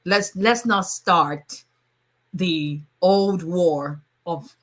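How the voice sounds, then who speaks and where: Middle-aged woman lawyer, low voice, fast talk, animated, laughs a lot, casual live stream chat. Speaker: immigration lawyer.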